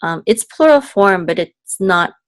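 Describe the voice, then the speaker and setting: A woman's voice: animated, no echo. A woman teaching a student one-on-one in a casual, patient way, explaining step by step, checking in often and singing out syllables as examples. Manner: sings syllables higher and slower as examples. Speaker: Hebrew cantillation teacher.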